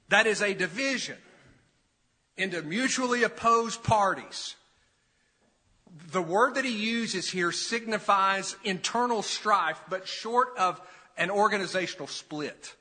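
A man's voice: high voice, animated, unhurried, bright, forceful tone, breathy edge. A middle-aged male pastor preaching an expository sermon, emphatic, building in intensity and putting questions to his congregation. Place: church sanctuary. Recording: long reverb of a church hall.

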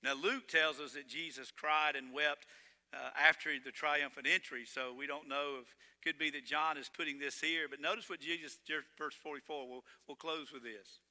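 A man preaching a sermon as pastor, swinging between loud emphatic lines and hushed ones. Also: fairly high pitch, fairly even intonation, moderate pace, long reverb tail.

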